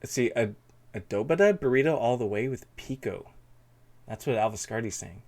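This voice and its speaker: A man's voice: medium pitch, lively intonation, normal speed, darkish tone. A man hosting a live stream, chatting in a rambling, casual way and reading chat aloud. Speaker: streamer host.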